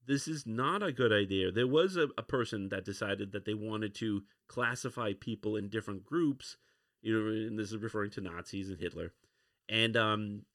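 A man's voice: lowish voice, fairly bright tone, no echo. Guy on his podcast going over a comic, keeps restarting, dry close mic. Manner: rambling, many restarts and fillers. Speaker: podcast host. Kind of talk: casual comic book review.

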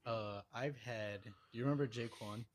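A man's voice: medium pitch, moderate pace. A young man co-hosting a music podcast, talking casually with blunt opinions, teasing and frequent swearing. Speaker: podcast co-host. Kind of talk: casual chat.

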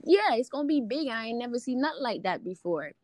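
A young woman tells her story with a Jamaican lilt, switching between her own voice and the voices of people in her tale. Her delivery is lively and expressive, with easy laughter. The sound is dry and close, with little room echo. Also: a little high, fast talker. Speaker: guest sharing a testimony. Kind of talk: animated faith storytelling.

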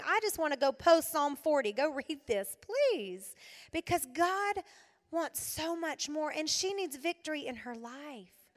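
Woman, middle-aged, sermon, high voice, animated, loud and hushed by turns, long hall reverb. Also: measured pace. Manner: animated, shifts between loud exclaiming and hushed soft delivery. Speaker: speaker at a women's gathering. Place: hall addressed to an audience.

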